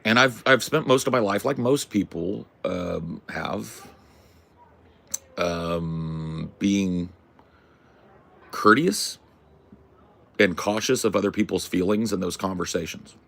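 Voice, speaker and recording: A man hosting a podcast, ranting through a story as a brash, profane self-declared loudmouth who keeps asking "right?". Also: deep voice, slow pace, gravelly, long pauses. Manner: punctuates points with "right?". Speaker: podcast host. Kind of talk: casual storytelling rant.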